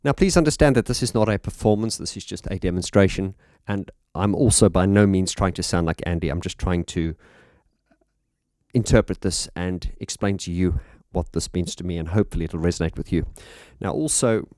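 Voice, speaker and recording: A man's voice: low-pitched, a little fast, dry recording, clean studio sound. A man analysing a song as a music teacher, talking thoughtfully and with enthusiasm. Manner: thoughtful, warm enthusiasm, sings short demonstration phrases.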